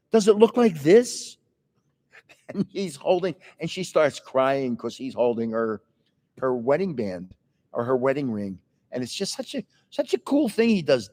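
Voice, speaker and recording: A man's voice: fairly high pitch, a little mellow. Chatty older man in an echoing room. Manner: rambling, chatty storyteller. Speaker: livestream host. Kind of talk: casual livestream chat. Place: indoors, in a building with another floor.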